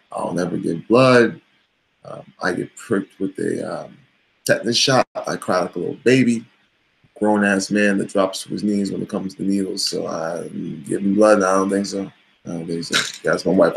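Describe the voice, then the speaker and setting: A man's voice: sits low, creaky, a bit bright, low-quality recording. A middle-aged man vlogging casually, giving a blunt, profane pep talk. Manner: blunt, swears freely, motivational pep talk. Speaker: vlogger and coach. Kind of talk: casual talking-head vlog.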